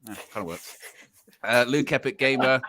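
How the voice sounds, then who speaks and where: A man's voice: mid-range voice, normal speed, pushed and bright. A man on a casual football fan panel, teasing a co-host and reading viewer comments aloud. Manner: mocking, reads comments aloud.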